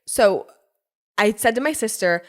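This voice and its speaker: Animated young woman telling a story. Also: a little high, measured pace. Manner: animated, laughing often, frequent "like" and swearing. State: pregnant. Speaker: podcast host. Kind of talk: casual storytelling monologue.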